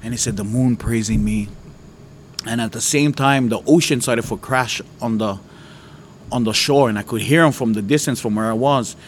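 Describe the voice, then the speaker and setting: A man's voice: medium pitch, a little fast, a little hiss or hum. A man from Hawaii, telling a personal faith testimony in an earnest, conversational way.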